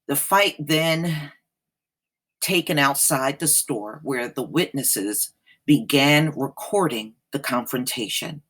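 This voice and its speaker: Slow, sassy woman commentator. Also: rumbling low, a bit bright. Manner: sassy, blunt, slangy. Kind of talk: casual reaction commentary.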